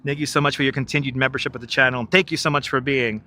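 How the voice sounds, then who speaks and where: A man's voice: medium pitch, fairly even intonation, rapid-fire, hardly any pauses, bright, forceful tone. A man hosting a live stream outdoors, joking, laughing a lot and chatting to viewers on a wireless clip-on mic. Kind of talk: live-stream walking commentary. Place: outdoors in Manhattan by the river.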